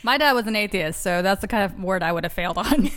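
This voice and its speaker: A woman in casual chat, chiming in with quick interjections and curious questions. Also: mid-range voice, expressive, fairly bright tone.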